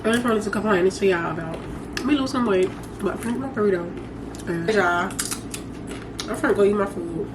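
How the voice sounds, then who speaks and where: Young woman vlogger, chatty and playful, mid-pitched voice, noisy home audio. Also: fairly quick, pauses often. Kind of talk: casual chat to camera. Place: home, indoors.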